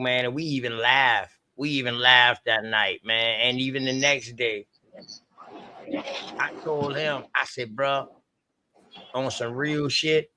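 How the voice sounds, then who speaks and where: A man's voice: mid-range voice, sharp tone, a little hiss or hum. A man with a Southern US accent hosting a livestream, telling an emotional story in raw, profane, heartfelt talk. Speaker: livestream host.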